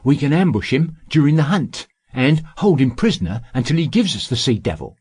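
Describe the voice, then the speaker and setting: A man voicing a greedy, impatient male schemer who talks brisk and pushy, pitched above the narration. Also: very animated, darkish tone, slightly rough, no room sound. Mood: eager.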